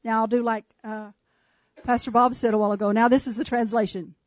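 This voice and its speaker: A woman preaching a sermon to a small church, slowing to hushed emphasis on key lines and calling out listeners by name. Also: fairly high pitch, level tone, no echo, dull audio. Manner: shifts from brisk asides to slow, hushed emphasis; addresses congregation members by name.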